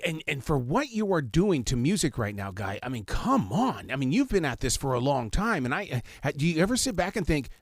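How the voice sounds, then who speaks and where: A man hosting a casual radio interview, enthusiastic and animated, often stammering as he repeats his first words. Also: a little high, a little fast, hardly any pauses, no echo, clean studio sound. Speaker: radio host.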